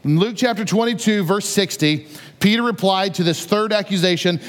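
High-voiced male preacher in a big hall. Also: lively intonation, normal speed. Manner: conversational storytelling, acts out scenes. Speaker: pastor. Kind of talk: sermon. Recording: long reverb of a large hall.

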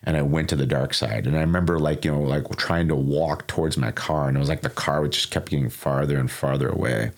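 A man's voice: extremely low pitch, fairly even intonation, fast talker, gravelly, hardly any pauses. A man in his forties from Illinois, telling a personal story as a podcast guest in a rambling way, repeating words and acting out quotes. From Sauk Valley, Illinois. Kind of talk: casual storytelling.

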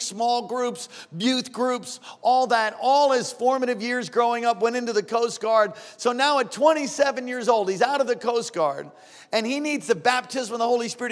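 A male pastor delivers a fervent sermon in a notably high voice. His exhortations ring out with a long reverberant tail, as in a large church hall. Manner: fervent preaching, rising to shouts.

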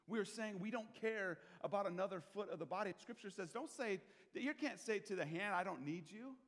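A man preaching a sermon as pastor, talking in a conversational way, asking the congregation questions and swinging between quiet asides and loud emphasis. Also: sits high. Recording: long hall reverb.

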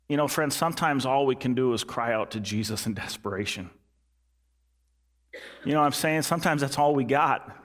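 A male pastor preaches with conviction, repeating his main lines and lowering his voice to a soft, low register for emphasis.

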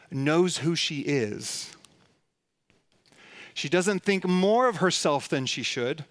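A man preaching a sermon in a somewhat higher voice than most men. He retells a scripture story and acts out the voices of its characters. The sound is dry and close, with no room echo. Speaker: pastor.

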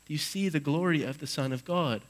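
A man preaching on Easter in a church reads scripture dramatically, alternating forceful loud sections with soft, low ones at a slightly fast clip. The recording is of low quality.

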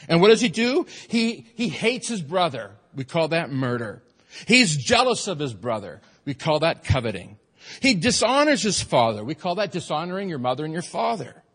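A man preaches to his congregation in a husky, slightly raised voice. He talks to them like friends, then pushes his points home with force. The long reverb of a large church trails each phrase. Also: a little high, very animated, moderate pace, fairly bright tone. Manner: conversational preaching, swelling to emphatic peaks, joking asides to the congregation. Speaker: pastor. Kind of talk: sermon. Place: church sanctuary.

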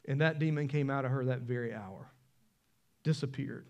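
A man, preaching a sermon in a church, animated and conversational, asking the congregation questions. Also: mid-range voice, normal speed, highs cut off. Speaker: pastor. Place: church sanctuary.

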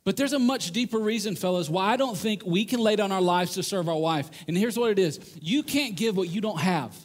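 A man preaching a sermon to men, earnest and animated, acting out the voices he quotes. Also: high-pitched, fairly quick. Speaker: pastor.

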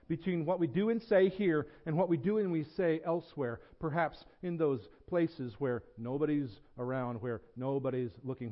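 A male pastor preaching a sermon in a church sanctuary, earnest and emphatic, repeating his points and dropping to low, intense tones. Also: lo-fi sound.

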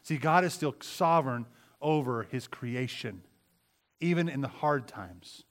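A man's voice: mid-range voice, expressive, unhurried. A man preaching a sermon in a conversational way, often repeating words and asking his listeners questions.

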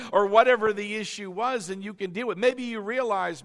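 A male pastor delivering a sermon, leading the congregation in call-and-response and swinging from loud, emphatic peaks down to soft, intimate asides. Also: sits high, a little slow, long reverb tail. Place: church sanctuary.

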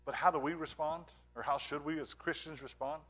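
A man preaching a sermon as pastor, earnest, moving between emphatic points and hushed, quiet lines. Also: a little high, steady tone, a little fast, slight background noise.

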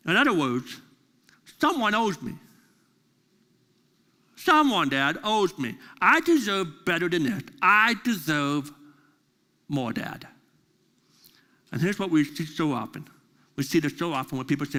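Animated male pastor with a bright, sharp voice, storytelling sermon in a reverberant church hall. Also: a little high, measured pace, pauses often. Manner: animated storytelling, repeats phrases.

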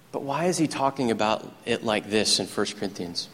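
A man preaching a sermon as pastor, telling stories with rising excitement. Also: on the low side, fairly quick, few pauses, big-room sound. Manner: animated, storytelling preacher who gets excited. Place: church sanctuary.

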